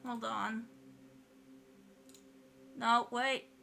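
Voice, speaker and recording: Woman, young adult, streamer, casual live chat, excitable, swears freely, high voice. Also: drawn-out words, creaky. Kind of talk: casual livestream chat while drawing.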